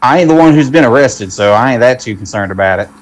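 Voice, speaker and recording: A man's voice: mid-range voice, expressive, quick pace, rough recording. A man playing a tabletop game in a laid-back, joking, drawling way. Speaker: player. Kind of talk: casual tabletop play.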